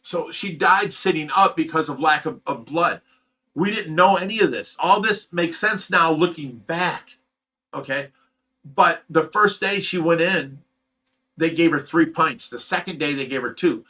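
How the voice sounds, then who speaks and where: A man's voice: fairly high pitch, a little slow, pushed and bright. A man hosting his own channel, telling a painful personal story to his viewers in a raw, rambling, emotional way. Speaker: host of a fish rescue channel.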